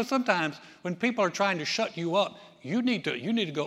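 A man preaching a sermon, animated, acting out scenes with loud cries and asides. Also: high voice, moderate pace. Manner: animated, acts out voices with shouts. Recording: echoey hall.

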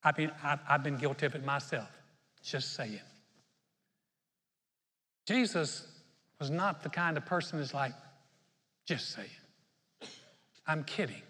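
A man preaching a sermon in an animated way, acting out prayers and quotes as he goes. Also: a little high, unhurried, pauses often. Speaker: pastor. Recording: long church reverb.

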